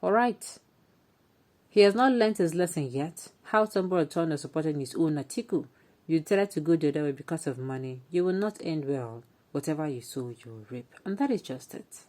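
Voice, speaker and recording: A woman with a Nigerian accent presenting a news story and adding opinionated, animated commentary. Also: sits low, moderate pace. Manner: opinionated, animated, chatty asides.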